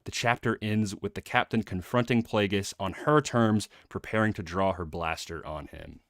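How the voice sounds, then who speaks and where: A man's voice: on the low side, normal speed, a bit bright, no room sound, studio quality. A man hosting a casual book club live stream, rambling with fillers and frequent laughs.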